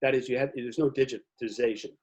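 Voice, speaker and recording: An older man in casual conversation, telling animated stories and acting out the voices in them, with a husky voice. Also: medium pitch, brisk. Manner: animated storyteller, acts out voices in anecdotes.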